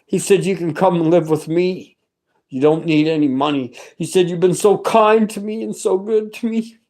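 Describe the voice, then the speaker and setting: A man's voice: sits high, moderate pace, darkish tone. A middle-aged man giving a personal religious testimony, talking in an earnest, rambling and fervent way with many restarts.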